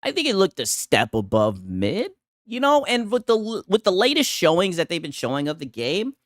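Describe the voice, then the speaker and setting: A man's voice: high-pitched, normal speed, no room sound, clean studio sound. A man streaming casual, profane gaming commentary who keeps asking "right?" between his points. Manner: profane and animated, constantly adds "right?". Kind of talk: casual ranting live stream.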